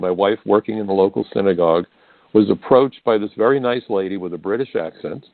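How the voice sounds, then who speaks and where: A man's voice: fairly low pitch, gravelly, dry recording. Indignant older man on talk radio. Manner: emphatic, indignant, addresses listeners directly. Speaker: radio talk show host. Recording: dry, phone-like narrow band.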